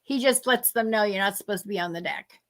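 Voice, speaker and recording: A middle-aged woman, telling animated stories in casual chat and acting out the people she quotes. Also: medium pitch, fast talker. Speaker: host.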